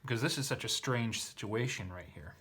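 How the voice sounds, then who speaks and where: A man's voice: on the low side, fairly quick, a bit bright, slight background noise. A man teaching a text line by line, thinking aloud with frequent fillers and self-corrections. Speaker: Greek teacher. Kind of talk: casual lesson reading.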